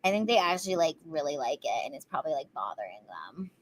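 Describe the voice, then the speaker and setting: A young woman co-hosting a casual live stream, chatty and bubbly, sliding between a high girlish voice and a lower serious one. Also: very animated, fast. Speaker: comedian co-host.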